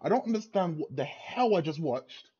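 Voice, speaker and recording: A man's voice: fairly high pitch, animated, moderate pace, warm tone, slightly rough, muffled recording. A young man in a furious, swear-filled rant after a football match, repeating himself in disbelief. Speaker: football fan vlogger. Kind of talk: angry post-match rant.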